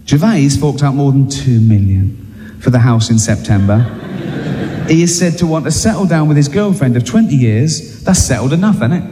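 A man's voice: mid-range voice, animated, normal speed, in a large hall, noisy background. A man telling a self-mocking anecdote on stage, chatty and tagging lines with "right?". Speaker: comedian.

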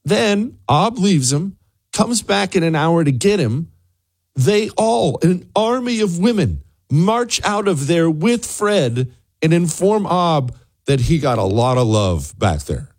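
A man's voice: a little high, sing-song, takes it slowly, darkish tone, breathy edge, dry recording, clean studio sound. A man hosting a talk radio show, delivering an opinionated monologue with sarcastic asides and emphatic repetition. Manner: emphatic, repeats words for punch.

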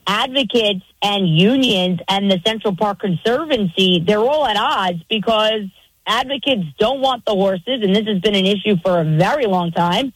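A woman with a New York accent explains things briskly as a radio guest reporter. Her voice is mid-pitched and recorded dry and close. She laughs easily between points. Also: dry recording, rough recording. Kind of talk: casual radio chat.

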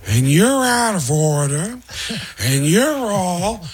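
A man doing an impression of a famous film actor, building into drawn-out shouts. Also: sits high, very animated, heavy background noise, voice pushed up, heavily acted. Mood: furious.

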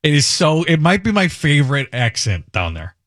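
A man's voice: a little high, normal speed. A man hosting a radio talk show, chatting casually and laughing at the clips he plays. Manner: amused, animated commentary.

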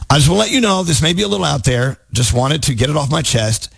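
A man's voice: a little high, expressive, quick pace, creaky, a bit bright, breathy edge, no room sound. A man hosting a radio show, bantering playfully with his co-hosts and laughing often. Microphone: studio mic.

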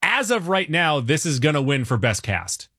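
A man with a slightly high, bright voice gives firm, joking opinions about a film's cast. He is recorded dry and close, like in a radio studio. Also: big pitch swings, normal speed, dry recording. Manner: emphatic, jokey opinions. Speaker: radio podcast co-host. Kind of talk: casual movie review chat.

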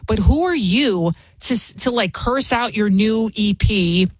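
A woman's voice: mid-range voice, expressive, unhurried, dry recording. A woman filling in as a talk radio host, speaking bluntly and scornfully, rambling with frequent restarts. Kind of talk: opinionated talk radio monologue.

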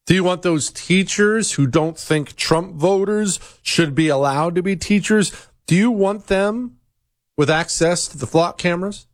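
A man's voice: measured pace, no room sound, clean studio sound. A man hosting a political talk radio show, firing off rhetorical questions in a combative monologue. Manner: combative, rhetorical questions, pitch leaps up when riled. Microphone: studio mic.

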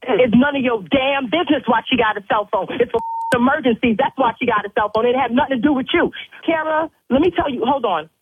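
A woman's voice: high-pitched, quick pace, slightly rough, no room sound. A woman, a mother on a phone call, scolding and cursing in a heated argument. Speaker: mother of a teenager on a prank call. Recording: tinny phone line.

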